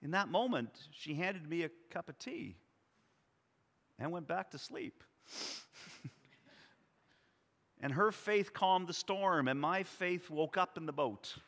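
A man in his sixties preaching a sermon, telling personal stories in an earnest, reflective way with soft pauses. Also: sits high, animated, creaky, big-room sound. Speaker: pastor.

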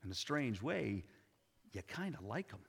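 Jesus, voiced by a man, talks slowly and tenderly, then rises with calm authority. His bright voice rings through a hall with a long reverb. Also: mid-range voice. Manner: slow, deliberate, tender with bursts of authority. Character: Jesus, gentle but commanding man.

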